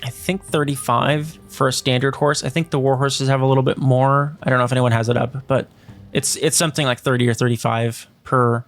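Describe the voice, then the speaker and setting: A man narrating as game master in a tabletop game, relaxed and hesitant, with many fillers as he works out the rules. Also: mid-range voice, fairly quick, no echo. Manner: relaxed, hesitant, lots of fillers while ruling.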